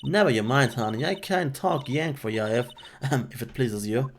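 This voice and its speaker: A man voicing a brash young country woman photographer in a put-on Southern drawl, loud and folksy, reading game dialogue. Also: medium pitch, normal speed, a little hiss or hum, close to an everyday voice. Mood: friendly. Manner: loud, twangy, folksy and bossy.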